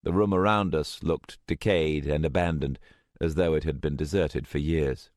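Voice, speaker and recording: A man narrating an urban fantasy audiobook in a steady, even manner. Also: rumbling low, moderate pace, no room sound. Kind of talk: scripted narration. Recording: dry close studio sound.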